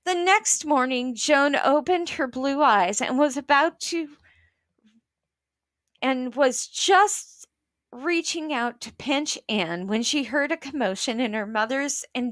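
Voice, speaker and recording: Slow, high-voiced woman reading a storybook. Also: no echo. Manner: slow, expressive, with small slips and asides. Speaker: children's book reader. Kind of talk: reading a children's book aloud.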